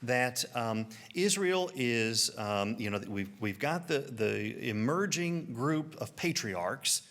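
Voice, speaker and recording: A man's voice: medium pitch, slow pace. A man with a Southern American accent preaching a sermon, telling stories and putting on voices for quotes. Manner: storytelling, animated, puts on voices for quotes. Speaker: pastor.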